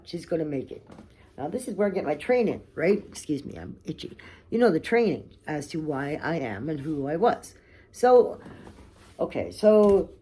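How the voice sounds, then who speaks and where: A woman's voice: low voice, mellow, slightly rough. A woman vlogger telling a personal story to camera, candid and blunt, swearing freely and checking in with "okay?" and "right?".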